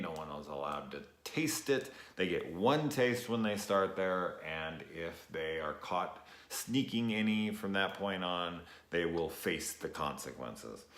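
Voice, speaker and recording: A young man giving a rambling, casual late-night review, tired, swearing often and filling pauses with ums and uhs. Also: low-pitched, fairly bright tone. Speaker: show reviewer. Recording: echoey room.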